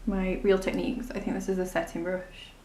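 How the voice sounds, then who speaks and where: A woman's voice: on the low side, flat delivery, a little fast, mellow, reverberant. A woman talking through a makeup tutorial in a chatty, rambling, self-deprecating way. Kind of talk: casual step-by-step tutorial narration.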